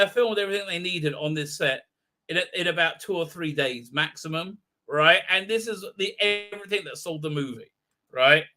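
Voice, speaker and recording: Excitable man with a bright, high voice. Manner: rambling and excitable, with many fillers and quick tangents. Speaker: livestream host. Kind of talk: casual movie recap commentary.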